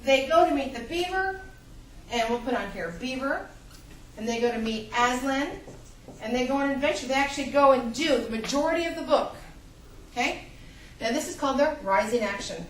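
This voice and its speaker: Female college lecturer, high and animated, acts out reader reactions, recorded from afar in a reverberant classroom. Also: brisk, slight background noise. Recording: echoey classroom, mic far off.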